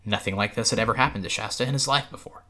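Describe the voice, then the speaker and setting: Man, storybook read-aloud, bright forceful tone, low voice, steady expressive narration. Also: rapid-fire. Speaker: podcast host, reader.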